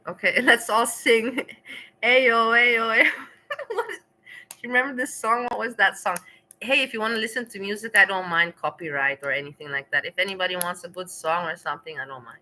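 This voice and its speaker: Chatty livestreaming woman, bright voice. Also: mid-range voice, a little fast, slight background noise, rough recording. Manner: rambling, laughs often, talks back to chat. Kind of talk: casual livestream chat to viewers.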